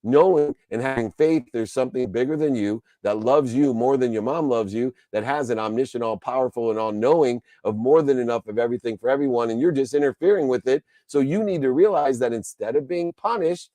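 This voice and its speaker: Male motivational speaker, emphatic and preachy, with a mellow mid-range voice. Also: mid-range voice, fairly quick, hardly any pauses, no room sound, studio quality. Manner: emphatic and preachy, with repetitive lists. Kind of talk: motivational speech.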